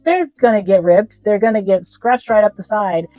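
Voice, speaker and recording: A woman's voice: medium pitch, normal speed, mellow, no echo, faint music behind, rough recording. A woman talking casually as a fashion vlogger, chatty and emphatic in a playful way. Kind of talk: casual product review.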